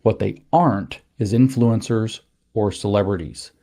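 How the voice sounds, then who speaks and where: A man delivering a deliberate, lecturing podcast monologue. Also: fairly low pitch, mellow. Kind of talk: scripted political monologue.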